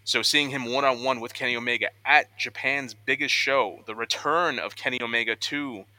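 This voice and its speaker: A young man co-hosting a casual podcast, chatting excitedly about news and acting out quotes in voices. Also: medium pitch, normal speed, dry recording. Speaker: podcast co-host.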